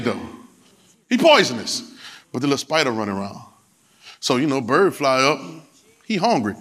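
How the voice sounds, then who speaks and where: A man preaching to a congregation with a somewhat high voice. He talks in a colloquial, repetitive way and keeps urging the crowd to answer back. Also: pushed and bright. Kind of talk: sermon with call-and-response.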